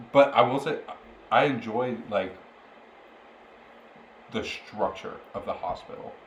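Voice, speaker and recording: A young man chats through a long personal story and keeps laughing as he talks. His voice sits at a middle pitch, neither high nor low. The room echoes, with a faint noise underneath. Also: slow, long pauses. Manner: laughs often while telling a story. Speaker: podcast co-host. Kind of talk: casual chat, storytelling. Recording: roomy, with faint background noise.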